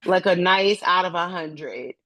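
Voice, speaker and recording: A woman co-hosting a podcast in casual chat, talking in an animated, emphatic and slangy way. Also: lowish voice, unhurried, no room sound. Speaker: podcast co-host.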